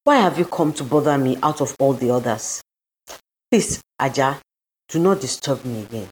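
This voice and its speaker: A proud captive woman who snaps and demands answers, as a woman narrator puts her on. She speaks in a low register, sharp-edged and defiant, in a read-aloud storybook. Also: moderate pace. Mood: weary.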